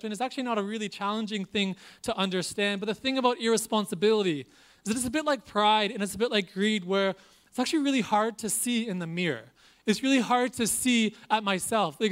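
A young man preaches a sermon from a church stage, his voice high for a man and smooth. He is earnest and animated, repeats phrases for emphasis, and drops in self-deprecating jokes. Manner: preaches with lots of repetition. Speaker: pastor.

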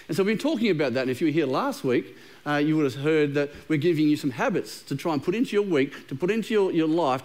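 A middle-aged man preaching a sermon to a congregation, conversational and humorous, often repeating words as he goes. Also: fairly high pitch. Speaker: pastor. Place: church auditorium with a live congregation.

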